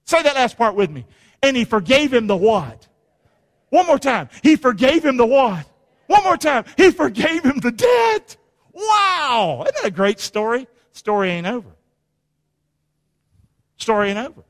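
A man preaches with a high voice that leaps all over the place, shouting one moment and dropping low the next. His words ring through a church sanctuary with long hall reverb. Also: normal speed, long pauses. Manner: animated, swings from shouting to low and quiet. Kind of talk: sermon with call-and-response.

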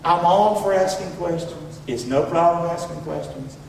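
Folksy Southern preacher in an echoey hall. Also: male voice, moderate pace, creaky, far from the mic, noisy background. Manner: folksy, swings from loud shouts to low asides. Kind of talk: sermon.

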